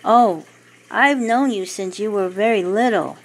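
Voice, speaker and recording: A woman voicing a gentle, calm, mysterious young man in a white suit in a storybook read slowly. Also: mid-range voice, low-quality recording.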